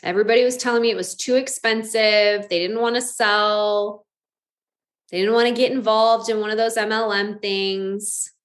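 Woman telling a candid personal story. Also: medium pitch. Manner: candid, animated, acts out her own past lines. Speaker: network marketing distributor.

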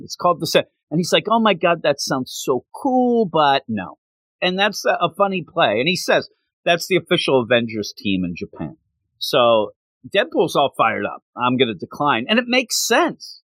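An animated man retells a comic scene by scene, jumping into character voices and laughing along the way. His pitch sits a little high and swings widely. The recording is dry and close. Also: no echo. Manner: animated storytelling, acts out characters' lines, laughs often. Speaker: comic book podcast co-host. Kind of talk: casual chat recapping a comic.

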